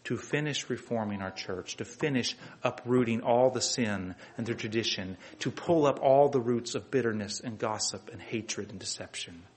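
A man's voice: mid-range voice, moderate pace, hardly any pauses. A man preaching a fervent sermon, firing rhetorical questions at the congregation. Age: adult with children. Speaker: pastor.

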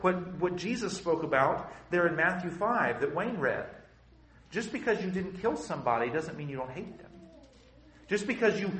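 Impassioned preacher in a roomy hall. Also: male voice, a little high, fairly bright tone. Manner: impassioned, repetitive, emphatic. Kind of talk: sermon.

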